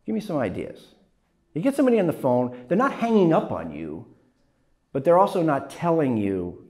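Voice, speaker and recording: A man teaching a class, lecturing in an animated way, often tagging his points with "right?". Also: fairly high pitch, normal speed. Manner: animated, frequent "right?" tags, acts out phone calls. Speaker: journalism instructor.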